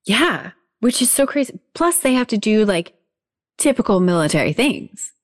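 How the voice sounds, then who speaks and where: A woman's voice: mid-range voice, big pitch swings, normal speed. A woman chatting casually, enthusiastic and agreeable, laughing easily. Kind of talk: casual chat.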